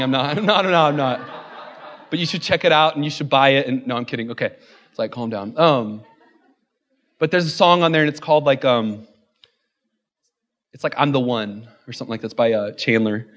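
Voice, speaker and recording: A man's voice: mid-range voice, highs cut off. A man preaching a sermon as a pastor in a church, mixing joking asides with impassioned, repeated refrains.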